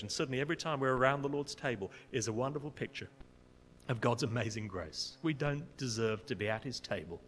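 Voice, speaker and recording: A man preaching a sermon in a church, expressive and building to emphatic peaks. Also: mid-range voice, a little hiss or hum. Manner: expressive, rising to indignant emphasis. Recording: long church reverb.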